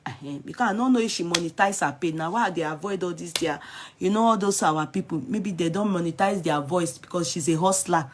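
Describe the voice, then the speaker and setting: A Nigerian woman with a Yoruba accent giving animated, scolding commentary in a casual vlog. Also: lowish voice, brisk, a little hiss or hum.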